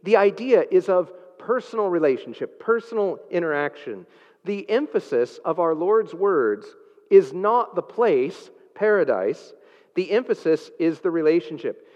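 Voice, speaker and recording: A man's voice: on the high side, sing-song, moderate pace, a little mellow. A man preaching a sermon, earnest and emphatic, with frequent filler sounds. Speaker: pastor. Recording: dull sound with long hall reverb.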